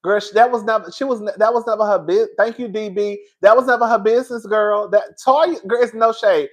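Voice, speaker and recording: A man giving a sassy, animated live-stream review, reading chat as he goes, calling viewers "girl", laughing often and swearing freely. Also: high voice, brisk. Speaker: reality TV show reviewer.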